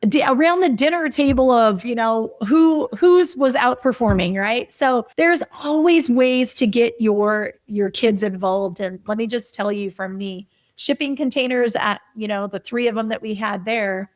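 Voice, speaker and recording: A middle-aged woman, a physician and property investor, telling stories in a podcast interview with an energetic, emphatic coaching tone. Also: a little high, unhurried, hardly any pauses, no room sound, clean studio sound. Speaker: physician and real estate investor guest.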